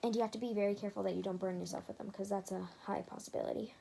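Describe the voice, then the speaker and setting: A woman's voice: medium pitch, steady tone, racing, gravelly, mellow, slight background noise. A woman hosting a casual DIY craft tutorial, chatting her way through each step and correcting herself as she goes.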